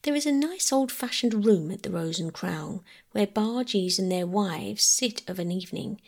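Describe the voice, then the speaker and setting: A woman reads a bedtime story in a calm, even voice of middle height. A gravelly fry runs under her words. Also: medium pitch, moderate pace.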